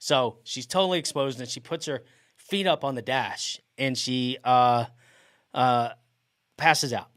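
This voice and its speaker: A middle-aged man spins a story for his podcast in a relaxed, chatty way, and he keeps breaking into laughter as he talks. His voice sits at an ordinary, mid-range pitch. The recording is close and dry, with no room sound. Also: measured pace, no room sound. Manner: animated, laughs often mid-sentence. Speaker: podcast host. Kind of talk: casual storytelling.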